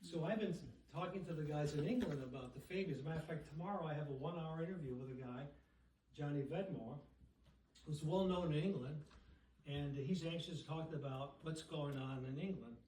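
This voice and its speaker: A man with a slightly high but dark-toned voice moves briskly through a casual book presentation for a dinner group, peppering it with "okay?" and "right?". His voice comes from a distance in an echoey room, with slight hiss or hum.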